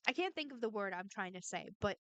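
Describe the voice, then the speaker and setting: A woman's voice: mid-range voice, fairly bright tone, dry recording, dull audio. A woman ranting angrily and sarcastically in a profane commentary vlog. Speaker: vlogger responding to a harasser.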